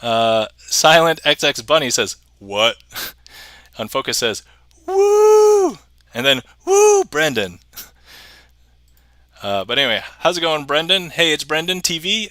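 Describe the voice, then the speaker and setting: A man's voice: medium pitch, sing-song, normal speed, pushed and bright, dry recording. A man hosting a casual livestream magic show, chatting, reading viewer messages aloud and chuckling often.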